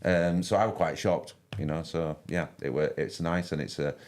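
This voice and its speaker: A man's voice: sits low, fairly even intonation, normal speed, a little mellow. An older man with a broad Yorkshire accent, chatting casually as a fishing commentator on a live stream, rambling with many restarts and fillers. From West Yorkshire, England.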